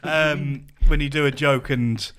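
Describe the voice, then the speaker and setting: A man's voice: on the high side, fairly even intonation, unhurried, a bit bright. A man co-hosting a casual podcast chat, throwing in wry quips. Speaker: podcast co-host.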